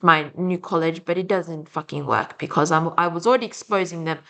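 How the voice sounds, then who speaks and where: She speaks fairly quickly in a low voice with vocal fry and a sharp tone. This young adult vlogger, with a French and Slavic accent, rambles through a blunt, swear-heavy rant to camera.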